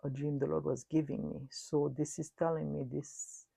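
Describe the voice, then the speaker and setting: A middle-aged woman preaching a prophetic message in a low, gravelly, mellow voice, recorded dry and close. Her delivery is earnest and repetitive, lurching between loud declarations and hushed words. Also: level tone, normal speed, no room sound. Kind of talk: prophetic sermon recounting a dream.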